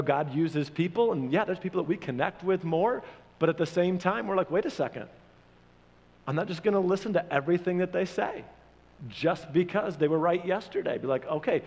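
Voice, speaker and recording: A man's voice: on the high side, a little mellow. A man preaching a sermon with emphasis, repeating his points and acting out quoted prayers. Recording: long reverb of a large hall.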